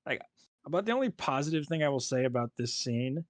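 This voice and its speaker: A man's voice: mid-range voice, expressive, fairly quick, dry recording. Male co-host, sarcastic critic, dry close-miked sound. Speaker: podcast co-host. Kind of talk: casual chat recapping a TV episode.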